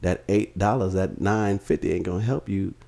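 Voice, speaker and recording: A man's voice: fairly even intonation, normal speed, vocal fry. A man in casual chat, teasing and swearing freely. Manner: loud teasing, swearing freely, jumps to high exclaims.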